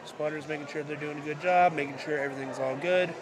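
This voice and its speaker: A man with a congested voice commenting live on a powerlifting meet, with relaxed, self-correcting play-by-play and dry asides. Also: a little high, quick pace, crowd noise. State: congested from a cold.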